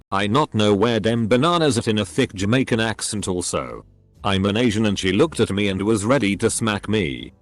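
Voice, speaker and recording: A man narrating online stories aloud, reading punctuation and acronyms out letter by letter. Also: lowish voice. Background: faint background music.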